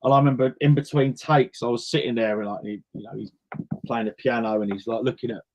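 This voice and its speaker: A guest singer chats casually in an interview, a storyteller who acts out the voices of people in his tales. His mid-range voice is steady and fast, with slight background noise.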